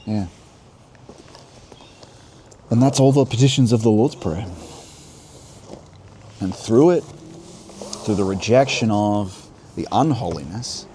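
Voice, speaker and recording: Man, low voice, mellow tone, earnest musing spiritual talk, livestream, outdoors, faint river noise behind. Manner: earnest, musing, restarts thoughts mid-sentence. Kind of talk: unscripted religious teaching on a livestream. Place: outdoors beside river rapids. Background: faint rushing water.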